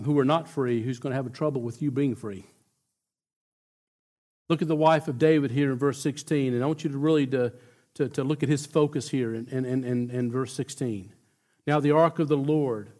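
A man's voice: fairly high pitch, darkish tone. A man preaching a sermon, telling a story with emphatic builds and frequent restarts.

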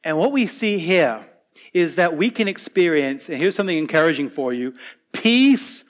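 A man preaching a sermon, earnest and conversational, swinging between loud emphatic lines and quiet soft asides. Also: a little high, very animated, normal speed.

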